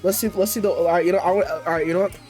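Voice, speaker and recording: High-voiced man bantering with chat. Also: steady tone, rapid-fire, darkish tone. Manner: playful trash talk, rambling with restarts. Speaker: streamer. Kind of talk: casual live-stream chat. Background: faint music.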